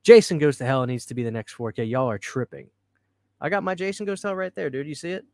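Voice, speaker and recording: A man's voice: on the high side, fast talker, darkish tone, no room sound, studio quality. A man hosting a casual live stream, chatting loosely, answering viewer comments and laughing easily. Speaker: livestream host. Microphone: studio microphone.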